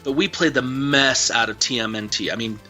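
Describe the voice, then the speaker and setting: A man's voice: medium pitch, fairly quick, bright, forceful tone, soft background music. A man guest telling a casual, rambling story full of fillers. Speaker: interview guest.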